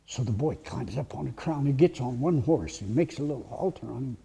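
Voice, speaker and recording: A man telling a story live at a heritage center presentation, with dramatic pauses and drops to a whisper for suspense. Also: mid-range voice, lively intonation, creaky, warm tone.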